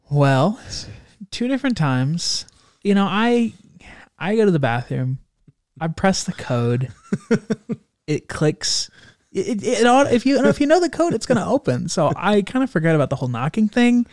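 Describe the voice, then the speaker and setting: A man's voice: on the high side, darkish tone, no room sound, clean studio sound. A young man in casual chat, animatedly telling a funny travel story and acting out the people in it.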